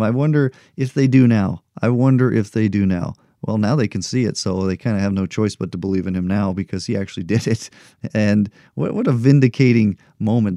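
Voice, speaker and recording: A middle-aged man with a low, warm-toned voice delivers a motivational podcast monologue. He speaks earnestly and encouragingly and keeps returning to rhetorical questions. The sound is dry and close. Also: no room sound. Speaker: podcast host.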